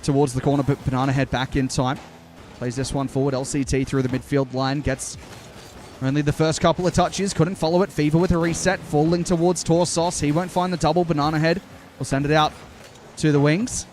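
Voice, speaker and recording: Brisk young male esports caster. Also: on the high side, steady tone, a little mellow, slight background noise. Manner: brisk play-calling, breaks off to argue with chat. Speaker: esports commentator streaming live. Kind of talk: live play-by-play commentary with chat asides.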